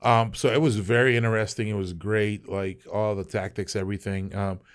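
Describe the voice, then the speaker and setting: Animated Texan man telling stories. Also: on the low side, fairly quick, clear, resonant tone. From Texas. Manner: animated, profane, laughing storyteller. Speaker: podcast guest, veteran advocate. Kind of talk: casual storytelling chat.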